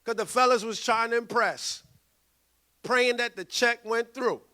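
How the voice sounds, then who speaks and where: A male pastor, preaching a sermon in an animated way and acting out quoted voices. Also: extremely high pitch, measured pace, a little hiss or hum. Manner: animated, acts out quoted voices, loud bursts.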